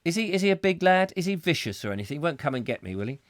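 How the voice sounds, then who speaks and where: A man hosting a ranty live chat show, rambling from one comment to the next with jokey asides and rhetorical questions. His voice is slightly high and swoops around a lot. It sounds dry and close, with no room around it. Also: very animated, very fast, dry recording. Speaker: host.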